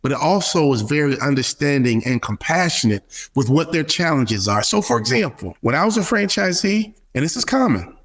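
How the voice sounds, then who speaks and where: A man's voice: on the high side, gravelly, slightly rough. A middle-aged man speaking emphatically as an interview guest, acting out quoted voices with a preacher-like rhythm. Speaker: guest speaker, former pro athlete and business advisor. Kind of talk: animated interview talk.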